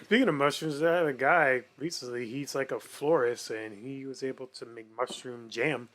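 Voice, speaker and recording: A man's voice: mid-range voice, moderate pace, a bit bright. A man co-hosting a podcast, joking playfully in casual chat. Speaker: podcast co-host.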